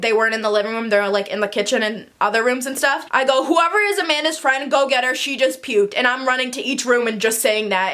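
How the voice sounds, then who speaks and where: A woman's voice: a little high, sharp tone. A woman in her twenties telling a dramatic party story in a casual vlog, acting out the quotes. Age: 20s. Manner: chatty and dramatic, acts out quotes. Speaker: vlogger.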